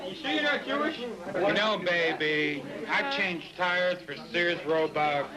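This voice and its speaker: Drunk middle aged guy, high-pitched and slurring, picking fights in a loud crowded room. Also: expressive, measured pace. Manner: slurred, boastful, belligerent. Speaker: poet at a rowdy party. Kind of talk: drunken, crude bar talk. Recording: loud crowd in an archive tape.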